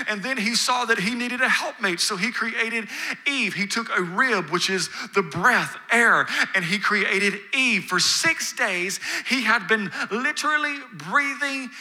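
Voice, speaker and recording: A man's voice: sits high, sharp tone. A man preaching a sermon, possibly, building emphasis through repeated phrases. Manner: preaching with rising emphasis and repetition. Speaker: pastor.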